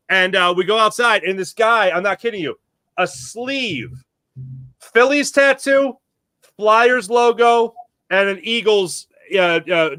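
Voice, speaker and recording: A bright, high-pitched man chats as a guest on a sports talk show. He tells animated stories and acts out the voices of the people in them. The sound is close and dry. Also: dry recording. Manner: animated storyteller, acts out quotes. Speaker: guest commentator. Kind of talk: casual sports chat.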